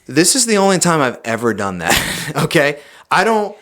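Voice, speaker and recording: Man, young adult, podcast guest, casual storytelling, animated, swears. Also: on the high side, normal speed. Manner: animated, swears often, says "dude" and "like".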